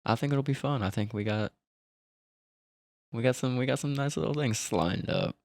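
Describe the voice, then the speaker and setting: A man's voice: medium pitch, normal speed, vocal fry, dry recording. A man co-hosting a podcast in casual chat, laughing and repeatedly failing at a Southern accent. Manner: keeps attempting a bad Southern accent, laughing a lot. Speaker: podcast co-host.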